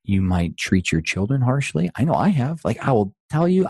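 A man's voice: mid-range voice, big pitch swings, moderate pace, darkish tone, breathy edge, no echo. A middle-aged man, a guest in an interview, speaking in an earnest, motivational way full of rhetorical questions. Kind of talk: conversational interview.

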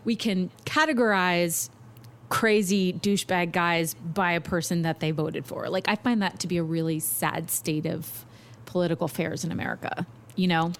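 A woman's voice: on the low side, steady tone, normal speed. A woman chatting casually on a podcast, reflective and often hedging what she says. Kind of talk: casual chat.

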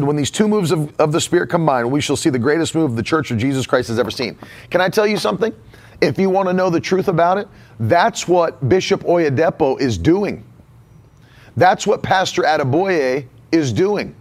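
Casting: male pastor, somewhat raised voice, preaching with emphatic repetition. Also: a little high. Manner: emphatic, repeats key phrases. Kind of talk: sermon.

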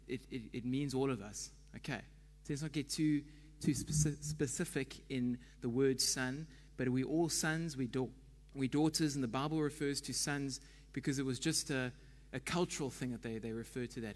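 A man's voice: medium pitch, in a large hall. A man giving a conversational sermon as pastor, chatty and quizzing the congregation.

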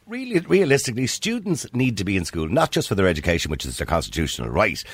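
A man's voice: fairly low pitch, wildly swooping pitch, fast, slightly rough, dry recording. An Irish man hosting a radio talk show, pressing his guest with pointed questions and cutting in often. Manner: pushy, interrupts often. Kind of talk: phone-in radio interview.

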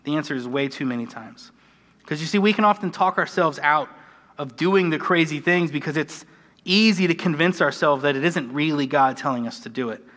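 A man's voice: fairly high pitch, brisk, fairly bright tone. Earnest preacher man in a reverberant church. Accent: American. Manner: conversational, earnest, self-deprecating. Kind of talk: sermon. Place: church sanctuary. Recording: church hall with long reverb.

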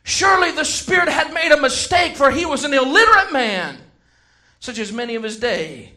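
Very high-voiced, forceful male preacher. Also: sing-song. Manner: emphatic, swings from shouting to slow stressed words. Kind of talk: sermon.

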